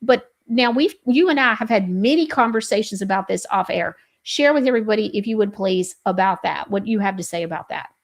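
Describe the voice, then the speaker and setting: A woman hosting a casual political talk show, emphatic and rambling, quoting others in quick animated asides. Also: medium pitch, vocal fry.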